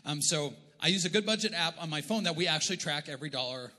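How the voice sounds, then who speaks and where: A middle-aged Canadian pastor preaches in a loose, joking, conversational way, his fairly high voice bright and forceful. The sound carries the long reverb of a large church hall. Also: animated, quick pace. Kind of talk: sermon. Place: church auditorium.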